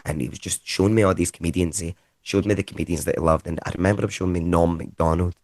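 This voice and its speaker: A Scottish comedian with a very low voice, talking about his career in loose, lively anecdotes. His speech is casual and peppered with swearing. The sound is close and dry, with no room echo. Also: fast. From Scotland. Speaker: comedian guest. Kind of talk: casual conversational storytelling.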